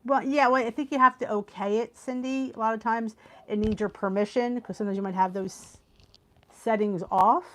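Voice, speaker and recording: A woman's voice: a little high, steady tone, normal speed, fairly bright tone. A middle-aged woman with a Philadelphia accent, hosting a live stream and chatting with viewers, laughing often. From Philadelphia area, US. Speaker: weight loss channel host.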